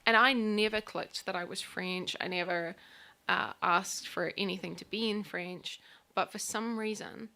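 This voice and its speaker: A woman's voice: medium pitch, steady tone, measured pace, creaky, pushed and bright. A woman guest in casual radio chat, talking with lots of fillers and laughs. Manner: chatty, laughs often, trailing fillers.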